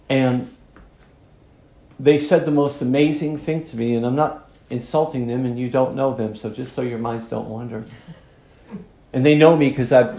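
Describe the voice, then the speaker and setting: A man's voice: medium pitch, mellow, echoey room. A man preaching a sermon as pastor, emphatic and growing fervent as he drives his points home.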